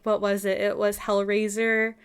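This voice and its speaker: A woman's voice: medium pitch, monotone, normal speed, smooth. A woman in her thirties co-hosting a podcast, telling casual stories with lots of filler words. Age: 30s. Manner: chatty storyteller, lots of "like" fillers. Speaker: podcast co-host. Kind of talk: casual chat.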